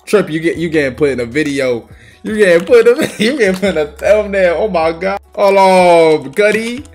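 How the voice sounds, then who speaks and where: A young man giving excitable, swearing gameplay commentary as a video host, trash talking the other players and breaking into yells. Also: sits high, moderate pace, faint music behind. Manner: excitable, swearing trash talk with bursts of yelling. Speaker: gaming YouTuber.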